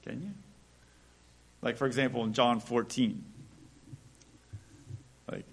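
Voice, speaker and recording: A man preaching a casual sermon, reading scripture slowly and acting out small everyday dialogues in a conversational way. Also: medium pitch, gravelly. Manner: conversational, acts out little dialogues, slows for scripture.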